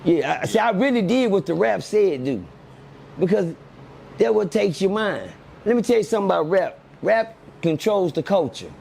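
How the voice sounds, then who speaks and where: Gravelly, animated middle-aged man. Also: high-pitched, moderate pace, a little hiss or hum. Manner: animated, laughing, repeats "you hear me". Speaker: interview guest. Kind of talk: animated storytelling interview.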